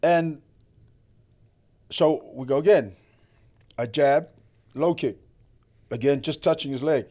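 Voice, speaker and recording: A man tells a story as a podcast guest, his voice sitting a little high. He acts out the quoted lines with big jumps in pitch, keeping the telling animated and vivid throughout. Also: slow, long pauses. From New Zealand. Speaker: podcast guest, former kickboxer.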